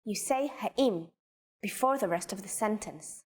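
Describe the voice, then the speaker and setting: A woman teacher calmly demonstrating example sentences in a lesson, speaking carefully. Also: medium pitch, big-room sound. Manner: calm, careful, slow example phrasing. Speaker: language teacher.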